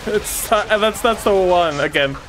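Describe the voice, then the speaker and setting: A woman commentating her gameplay casually, excitable, swearing and trash-talking enemies. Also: medium pitch, unhurried, background noise. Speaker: gaming streamer.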